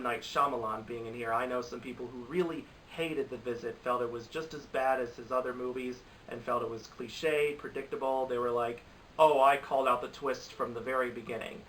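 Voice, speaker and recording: Young man, bright tone, opinionated rambling vlogger; recorded a bit off-mic with light hiss. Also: mid-range voice, fairly even intonation, brisk. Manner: rambling, opinionated, with frequent restarts. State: has a cold. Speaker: movie reviewer. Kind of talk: casual opinion vlog. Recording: slightly distant mic with faint hiss.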